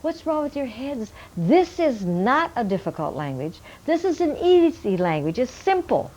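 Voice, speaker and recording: A woman voicing an old male village medicine man and clan leader, exclaiming in an excited, raised voice. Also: very high voice, normal speed, highs cut off, voice pushed up, exaggerated voice. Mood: exasperated.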